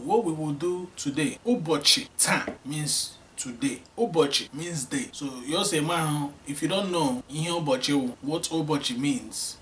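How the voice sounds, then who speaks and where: Male language teacher, slightly raised pitch, patient drilling; faint background noise. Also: a bit bright. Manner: repeats words slowly for learners to echo. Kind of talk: spoken language lesson.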